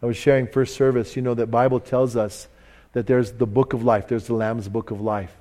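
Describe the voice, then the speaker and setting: A man's voice: mid-range voice, level tone, a little fast, mellow. A man preaching a sermon in church, telling a story animatedly and mocking himself, with frequent restarts. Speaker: pastor. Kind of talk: sermon with anecdote. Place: church service.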